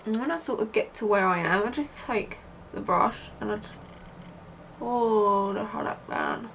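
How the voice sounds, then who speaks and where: A woman's voice: mid-range voice, measured pace, fairly bright tone, slight background noise. A young British woman chatting her way through a makeup tutorial, rambling with lots of fillers. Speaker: beauty vlogger.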